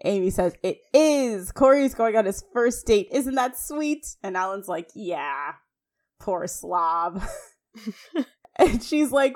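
Woman recapping a sitcom episode, chatty. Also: mid-range voice. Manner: animated, reads quotes aloud quickly. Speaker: podcast co-host. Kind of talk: casual recap chat.

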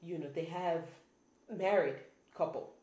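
A woman chatting casually as a podcast co-host, laughing often and talking in halting restarts. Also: fairly low pitch, dark tone. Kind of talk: casual chat. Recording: echoey room.

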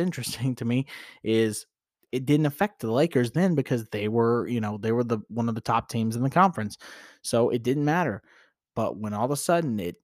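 A man's voice: medium pitch, no room sound, studio quality. A man hosting a solo sports talk show, rambling and opinionated, with frequent restarts and fillers. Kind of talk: casual solo sports commentary.

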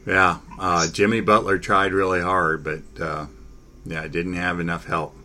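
Deep-voiced man in halting sports chat. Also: little pitch movement, bright, forceful tone, slight background noise. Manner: halting, many fillers and restarts. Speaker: sports talk host.

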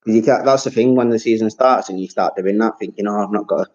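A man's voice: on the low side, fast, a little mellow. A man co-hosting a podcast, chatting casually, rambling and swearing freely. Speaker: podcast co-host. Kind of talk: casual chat. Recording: dull lo-fi audio.

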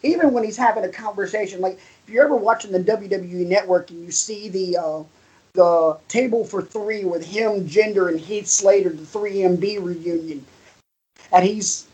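A man co-hosting a podcast, excitable and animated, swearing casually in relaxed chat. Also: sits high, moderate pace, slightly rough, low-quality recording. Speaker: podcast co-host.

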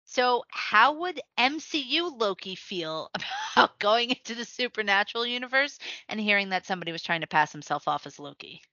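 Bright-voiced woman setting up playful scenes. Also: medium pitch, sing-song, moderate pace, no echo, muffled recording. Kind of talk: casual fan chat.

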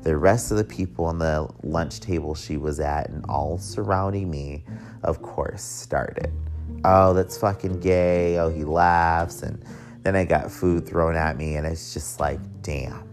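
Very deep-voiced man telling his story. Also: unhurried, a little mellow, soft background music. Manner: candid, profane, with wry joking asides. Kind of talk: personal storytelling.

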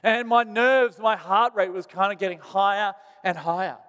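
A man's voice: high-pitched, moderate pace, fairly bright tone, clear, resonant tone, in a large hall. A man, a pastor telling a self-deprecating story in a sermon.

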